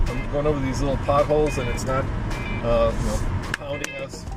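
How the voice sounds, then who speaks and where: A man's voice: mid-range voice, fairly even intonation, brisk, over loud music. Jokey man reviewing a car from behind the wheel. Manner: jokey and enthusiastic, laughs often. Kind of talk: first-drive car review. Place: inside a moving car in a city.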